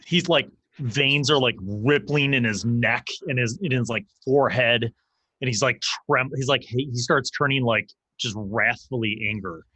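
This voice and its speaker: A man's voice: medium pitch, a little slow, sharp tone, slightly rough, dry recording. A man narrating as dungeon master, talking loosely and filling his lines with "like". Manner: loose, rambling narration full of "like". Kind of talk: narrating a tabletop game.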